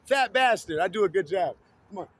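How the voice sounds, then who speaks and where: High-voiced man rambling and cursing. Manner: rambling, profane, laughs often. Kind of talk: casual rambling vlog monologue.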